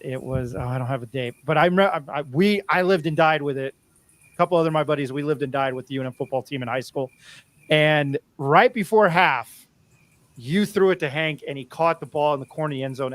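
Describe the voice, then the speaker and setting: A man's voice: medium pitch, a little fast, a bit bright. Chummy, rambling male sports host. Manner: rambling, chummy, restarts often. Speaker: sports talk show host. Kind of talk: casual interview chat.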